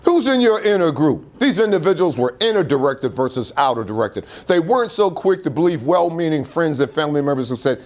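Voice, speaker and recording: A man's voice: a little high, a little fast, hardly any pauses. A man giving a motivational speech to an audience, full of rhetorical questions. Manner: animated preacher-like delivery with rhetorical questions. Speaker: motivational speaker. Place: auditorium.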